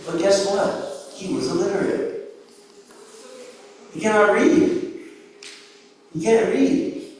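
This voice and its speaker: A man's voice: high-pitched, darkish tone, a little hiss or hum. A man giving a sermon, telling a story and asking the audience rhetorical questions. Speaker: preacher. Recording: echoey hall, voice far from mic.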